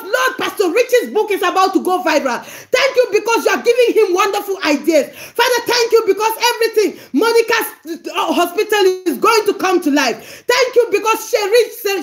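A woman pastor with a Cameroonian accent, preaching and praying fervently, pleading and often laughing as she prays. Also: very high-pitched. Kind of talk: livestream preaching and prayer.

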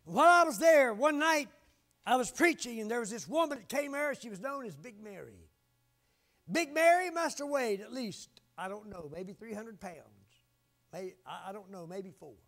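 An older man preaching a sermon with fervor, swinging between loud exhortation and hushed asides. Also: very high voice, animated, moderate pace. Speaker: pastor.

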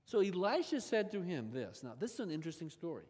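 A pastor preaching a sermon, his delivery expressive, with his voice often rising suddenly in pitch and volume. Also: fast talker, husky. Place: large church sanctuary. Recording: long church hall reverb.

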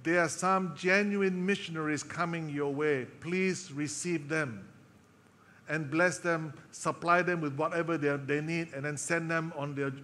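A man preaching a sermon, telling a story with emotional pauses and dropping to a soft voice for quoted lines. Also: on the high side, in a large hall. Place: church hall.

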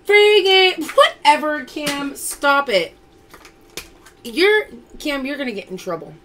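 A woman's voice: sits high, very animated, takes it slowly, sharp tone, slight background noise. A woman hosting a casual live-stream pearl sale from home, chatting and reading out viewer names as she calls results.

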